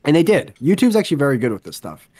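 A man co-hosting a podcast in casual chat, telling stories in an animated way and swearing freely. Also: on the high side, rapid-fire, dry recording. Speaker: podcast co-host.

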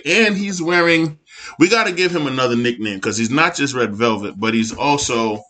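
A man's voice: mid-range voice, moderate pace, pushed and bright. A man in his thirties hosting a podcast, chatting casually and teasing his co-hosts with playful banter. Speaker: podcast host. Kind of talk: casual chat.

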